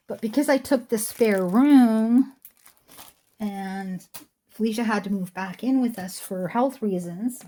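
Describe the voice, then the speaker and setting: Showing jewelry for sale from her home, a middle-aged online seller keeps up a casual, rambling chat full of asides. She speaks in a mid-range, slightly mellow voice over a squeaky chair.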